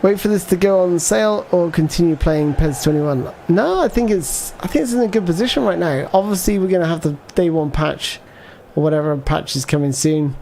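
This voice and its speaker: A man's voice: fairly high pitch, fairly quick, creaky, hardly any pauses, dark tone, slight background noise. Rambling gaming streamer, man. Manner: rambling, thinks aloud, reads out viewer chat. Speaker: gaming livestreamer. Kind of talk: casual live gameplay commentary.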